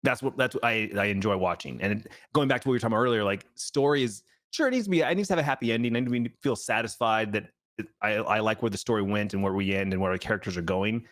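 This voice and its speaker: Fast-talking man in casual podcast chat. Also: fairly low pitch, a bit bright. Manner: fast, filler-heavy, swearing. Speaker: podcast co-host.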